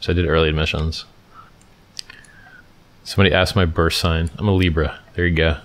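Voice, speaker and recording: A man from California chats casually on a livestream in a deep, low voice. He answers viewer questions emphatically, repeating phrases and restarting his sentences. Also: little pitch movement, a little fast. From Stockton, California, USA.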